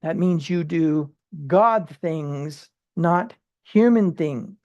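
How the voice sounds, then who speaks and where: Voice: mid-range voice, a little mellow, muffled recording. Conversational Bible study teacher. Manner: conversational, with rhetorical questions and quick restarts; acts out everyday people in short quoted asides.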